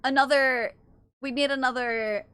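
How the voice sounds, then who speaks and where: Chatty woman streamer, high bright voice, playful and a bit foul-mouthed, dry close recording. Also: fairly even intonation, unhurried, clear, resonant tone, no echo. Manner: chatty, playful, reads chat aloud, swears casually. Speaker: livestreamer. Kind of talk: casual livestream chat.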